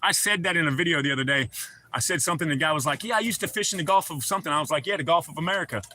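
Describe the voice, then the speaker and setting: A man's voice: fairly high pitch, racing, pushed and bright. A man hosting a livestream, chatting casually and profanely with viewers and joking around. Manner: profane, joking, talks back to chat. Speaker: livestream host.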